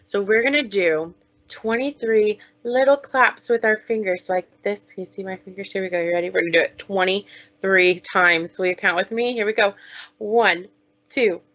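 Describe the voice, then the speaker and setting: A woman teaching young children online, talking slowly in a sing-song way as she leads chants, songs and counting. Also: mid-range voice, fairly bright tone, highs cut off. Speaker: preschool teacher.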